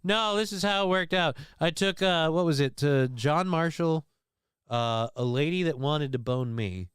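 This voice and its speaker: A male livestream host talks through clips in a rambling, crude, self-deprecating way. His voice is smooth and clear and sits a little high. The sound is dry and close, as if he is speaking straight into the mic. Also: a little slow, a bit bright, no echo. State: unwell after vomiting. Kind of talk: casual live commentary.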